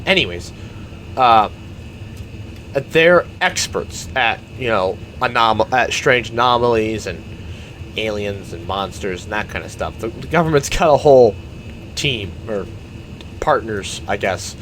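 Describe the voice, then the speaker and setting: A man's voice: lowish voice, expressive, measured pace, fairly bright tone, slight background noise. Rambling man narrating over gameplay. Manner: rambling, meandering storytelling. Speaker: gaming YouTuber. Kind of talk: casual commentary while playing a game.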